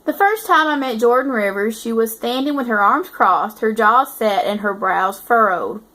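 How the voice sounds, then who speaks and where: A woman's voice: on the high side, lively intonation, normal speed, pushed and bright. A woman reading aloud as a teasing eighteen-year-old male student narrating his story. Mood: amused. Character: cocky teasing young male college narrator.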